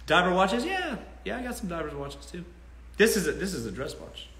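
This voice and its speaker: A blunt, animated man hosts a casual live Q&A and swears freely. His voice is high and bright, and his pitch swings widely. The sound is roomy, with an echo around it. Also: brisk. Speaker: host.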